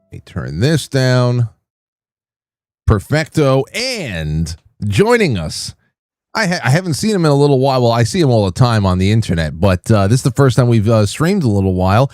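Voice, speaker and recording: A man hosting a livestream, telling a rambling, animated story in casual chat. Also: mid-range voice, normal speed, no room sound, studio quality. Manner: rambling, animated, many restarts. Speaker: livestream host.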